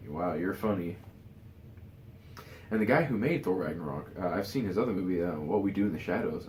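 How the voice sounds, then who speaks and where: Low and darkish in tone, the voice belongs to a fatigued vlogger loosely sharing his opinions, heavy on "you know" and restarted sentences. An echoey room and slight background noise surround him.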